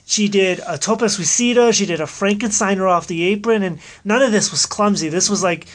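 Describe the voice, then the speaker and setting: A man's voice: high-pitched, fairly quick, fairly bright tone. A man co-hosting a casual chat, talking enthusiastically and gushing over what he saw. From United States. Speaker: podcast co-host.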